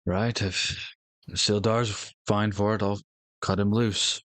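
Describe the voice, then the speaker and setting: A man's voice: on the low side, flat delivery, takes it slowly, fairly bright tone, dry recording. A man playing a tabletop game, speaking in an easygoing, agreeable way. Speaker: player.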